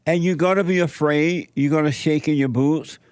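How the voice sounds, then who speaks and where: A man's voice: on the high side, fairly even intonation, moderate pace, smooth, dry recording, studio quality. A middle-aged man hosting a call-in show, giving firm spiritual advice in short repeated commands. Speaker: radio call-in host giving life advice.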